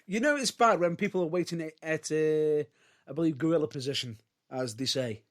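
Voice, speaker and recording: A man's voice: on the high side, fairly quick. A man co-hosting a podcast, chatting casually and hedging his points with frequent restarts. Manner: hedging, restarts often, lively rises and drops. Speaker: podcast co-host. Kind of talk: casual wrestling chat.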